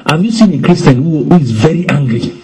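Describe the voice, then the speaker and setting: A man preaching with animated delivery, acting out quoted lines in shifting voices. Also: fairly high pitch, fast, a little hiss or hum, low-quality recording. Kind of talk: lively preaching in conversation.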